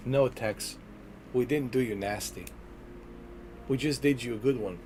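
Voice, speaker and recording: A man chatting casually on a gaming livestream, rambling and laid-back, often trailing off quietly. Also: mid-range voice, a little slow, slight background noise. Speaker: livestreaming gamer.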